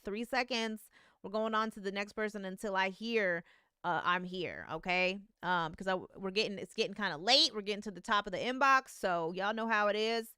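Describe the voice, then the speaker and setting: Loud swearing lady hosting a music stream, bright crisp voice, dry close mic. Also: medium pitch, no room sound. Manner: excitable, profane, laughs often. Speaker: host of a live music review stream. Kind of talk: casual live-stream commentary.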